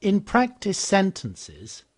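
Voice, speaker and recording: A man's voice: high-pitched, slow. Man walking through a teaching program. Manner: explanatory, steady, repeats model phrases after the clips. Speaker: software demonstrator. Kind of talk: software walkthrough narration.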